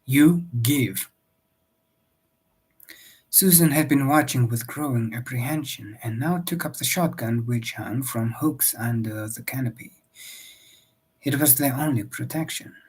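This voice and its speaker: A man reading a novel aloud in a steady, measured storybook narration. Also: mid-range voice, slightly rough, rough recording. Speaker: audiobook reader.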